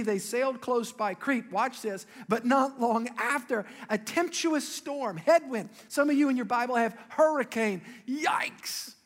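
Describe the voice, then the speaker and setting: A man preaching a sermon as pastor, telling a story with lively swings between loud and sudden quiet emphasis. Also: extremely high pitch. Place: large church hall. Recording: long hall reverb.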